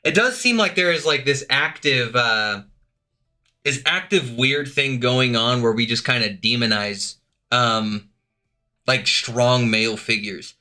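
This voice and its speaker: A man's voice: medium pitch, measured pace, bright, forceful tone. A young man reacting to a video on a live stream, chatting casually with lots of swearing, fillers and laughter. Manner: loose, profane, laughs often, lots of fillers.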